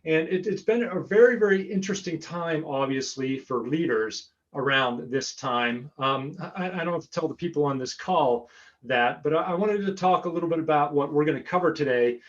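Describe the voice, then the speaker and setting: A man's voice: fairly high pitch, moderate pace, lo-fi sound. An American man giving a chatty talk as guest speaker over a remote call, often repeating words as he goes. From United States. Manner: chatty, repeats words while finding his thread. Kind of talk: webinar presentation. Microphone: remote call audio.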